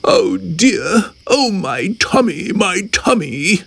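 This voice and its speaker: Greedy whiny storybook hippo played by a man, high pleading voice, slow, dry sound. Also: very animated, creaky, a bit bright, slight background noise, heavily acted. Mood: groaning.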